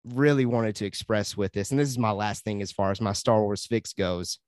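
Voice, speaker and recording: A man's voice: lowish voice, normal speed, darkish tone, no room sound, studio quality. A young adult man co-hosting a podcast, chatting casually and enthusiastically, rambling and laughing often. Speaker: podcast co-host. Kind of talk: casual chat.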